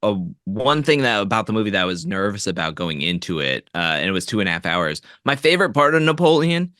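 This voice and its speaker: A man in casual podcast chat, animated and laughing often as he talks about movies. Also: fairly low pitch, quick pace, no echo, clean studio sound. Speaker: podcast co-host.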